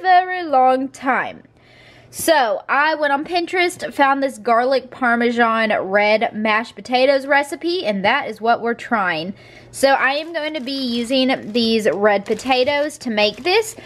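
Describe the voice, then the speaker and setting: A woman's voice: a little high, a bit bright. Chatty young woman vlogging. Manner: chatty, talks baby-talk to her dogs. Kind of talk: casual vlog narration.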